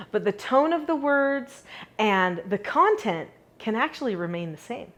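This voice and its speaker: A middle-aged woman talks straight to the camera about raising children. Her voice sits at a mid pitch, and she shifts between energetic emphasis and a softer, calmer way of speaking. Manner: upbeat, shifts between animated and calm delivery. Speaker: parenting educator. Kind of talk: direct-to-camera parenting lesson.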